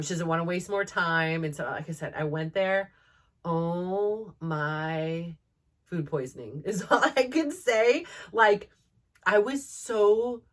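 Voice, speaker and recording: A woman in her thirties telling a casual story as a podcast host, rambling with lots of "like" and "um" and laughing often. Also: mid-range voice.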